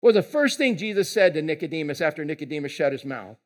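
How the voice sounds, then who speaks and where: A man preaching a sermon, his voice sitting high for a man. He tells the story in a lively, animated way, full of casual slang, and acts out the voices of the people in it. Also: fast talker. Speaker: pastor.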